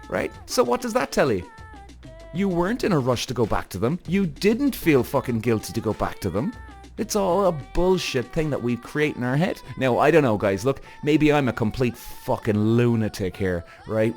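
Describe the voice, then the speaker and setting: A man hosting a podcast in a casual monologue, animated, swearing freely and acting out his own thoughts. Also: mid-range voice. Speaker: podcast host.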